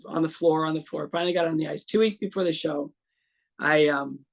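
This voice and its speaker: Gravelly-voiced man in his sixties telling a story. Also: fairly high pitch, a little fast. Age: 60s. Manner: animated storyteller acting out quoted voices. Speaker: interview guest. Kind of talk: storytelling in an interview.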